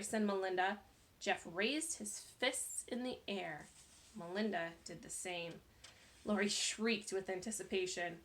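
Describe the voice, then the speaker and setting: A woman reading a children's novel aloud in a lively, expressive way. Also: mid-range voice, a little slow. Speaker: narrator.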